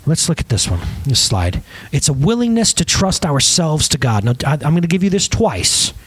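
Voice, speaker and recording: A middle-aged man preaching a sermon, animated and joking, with big swings between high and low. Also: normal speed, slightly rough, no room sound. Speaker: pastor.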